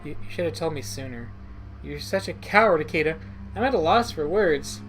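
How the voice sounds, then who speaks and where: A man putting on a bratty teenage girl from a game, pitched up high, stumbling over her words as she teases, with faint music under her. She taunts in a stammer. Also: expressive, moderate pace, a bit bright, rough recording. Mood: taunting.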